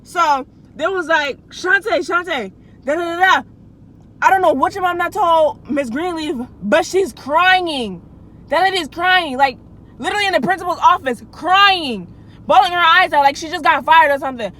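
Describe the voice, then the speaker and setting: A woman's voice: very high voice, normal speed, fairly bright tone, poor audio. A young adult woman vlogger telling a casual storytime in a chatty, slangy way, with restarts and asides to her viewers.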